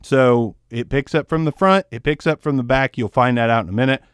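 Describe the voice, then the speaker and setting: A man's voice: medium pitch, fairly quick, clean tone, dry recording, clean studio sound. Joking man rambling through a mic test. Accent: tones down a Southern US accent. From American South. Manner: rambling, joking, self-deprecating. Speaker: microphone reviewer. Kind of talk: casual mic test review. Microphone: ribbon microphone, close and moved around.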